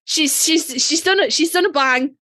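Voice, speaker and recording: A woman with a Yorkshire accent co-hosting a podcast in a casual chat, talking in quick, self-mocking asides with some swearing. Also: sits high, sharp tone, no room sound. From Yorkshire, England. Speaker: podcast co-host.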